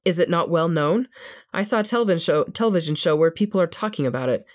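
A woman's voice: lowish voice, expressive, quick pace, natural voice. Earnest young man from an old painting, read by a woman. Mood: curious. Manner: plainly read, earnest questions.

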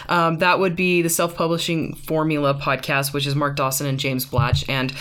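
A woman hosting a podcast in casual chat, playful and quick to laugh as she tries out intro lines. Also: low-pitched, flat delivery, fairly bright tone. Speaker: podcast host.

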